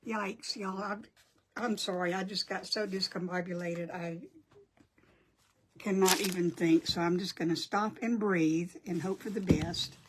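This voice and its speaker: A woman's voice: on the low side, steady tone, a little slow, a little hiss or hum. An older woman hosting a casual crafting livestream, chatty and apologetic as she greets viewers by name.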